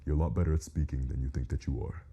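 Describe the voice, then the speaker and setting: Man, communication coach, very deep voice, husky tone, steady direct delivery, instructional talk. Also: very fast, highs cut off. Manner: steady, direct advice-giving.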